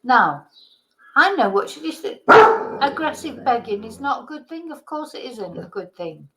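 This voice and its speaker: A woman's voice: on the high side, very animated, normal speed, heavy background noise. A woman from Britain, a vlogger, delivering an indignant, heated political rant with some swearing.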